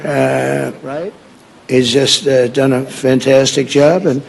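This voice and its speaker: A man's voice: mid-range voice, level tone, slow pace, vocal fry, low-quality recording. A man giving an off-the-cuff ceremonial speech as a head of state, rambling and repeating himself with boastful asides.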